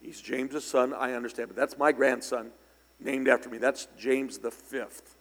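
An older male pastor tells stories from the pulpit in an easy, conversational way, then breaks into loud, emphatic bursts. His voice sits at a middle pitch. A long reverb from a large church hall trails every phrase. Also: steady tone, normal speed. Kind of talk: storytelling sermon.

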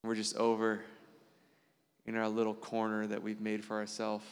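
A man preaching a conversational sermon as pastor, earnest and animated, often checking in with the congregation through quick tag questions. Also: clear, resonant tone, in a large hall. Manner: earnest, animated preaching with sudden jumps in pitch.

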